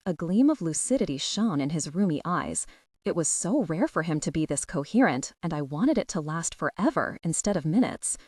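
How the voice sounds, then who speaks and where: A woman's voice: low-pitched, sing-song, moderate pace, a little mellow, no room sound, clean studio sound. A woman narrating a first-person audiobook, telling the story expressively and with feeling.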